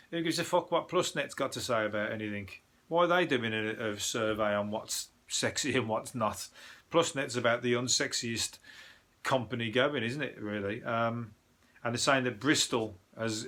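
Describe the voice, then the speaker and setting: A man with a thick Birmingham accent riffs through the day's news like a comedian on a podcast. His voice is bright and forceful at an ordinary middle pitch. He rambles, swears freely and fills gaps with uhs and ums. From England. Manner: rambling, sweary, joking asides with frequent fillers. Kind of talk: casual news review chat.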